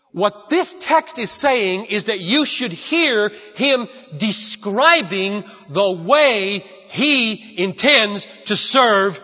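A man's voice: high-pitched, sharp tone. A man preaching a sermon in a church sanctuary, emphatic and repeating key lines for stress. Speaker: pastor. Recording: dull lo-fi recording with long hall reverb.

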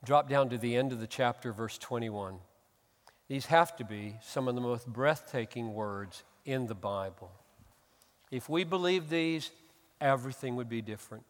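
A middle-aged man preaching a sermon as pastor, building from calm explanation to loud, emphatic peaks. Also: medium pitch, moderate pace, long reverb tail. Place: church.

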